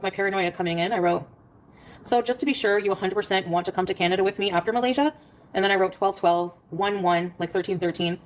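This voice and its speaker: A woman talking quickly on a casual livestream. She tells a long story and reads out a string of text messages along the way. Her voice sits at an ordinary middle pitch and keeps up a brisk pace. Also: poor audio.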